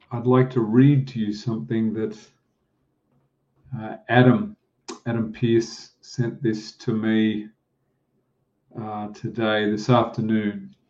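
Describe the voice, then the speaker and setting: A man preaching a sermon and leading a prayer, speaking slowly with pauses and fillers. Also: lowish voice, darkish tone. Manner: slow, halting delivery with pauses and fillers. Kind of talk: slow, deliberate sermon with prayer. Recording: dull, muffled lo-fi sound.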